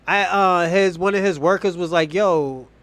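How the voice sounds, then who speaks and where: A man's voice: high-pitched, steady tone, normal speed, fairly bright tone, no echo. A young man from the Boston area chatting casually on a livestream, rambling and profane, laughing often. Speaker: streamer host.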